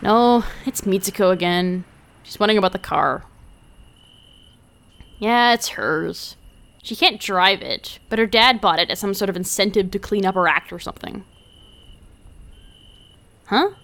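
A woman's voice: medium pitch, expressive, measured pace, vocal fry, long pauses, fairly bright tone. A young woman voicing a hot-tempered, foul-mouthed underage delinquent girl who swears constantly and talks bluntly and defensively. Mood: sheepish.

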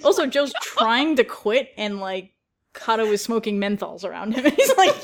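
A woman's voice: mid-range voice, animated, moderate pace, gravelly. A young woman chatting casually as a podcast co-host, rambling and laughing often. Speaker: podcast co-host, series writer. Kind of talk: casual chat.

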